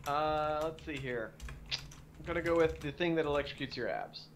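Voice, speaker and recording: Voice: mid-range voice, normal speed, noisy background. A speaker making dry wisecracks during an online party card game with friends. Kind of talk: casual chat over a party card game.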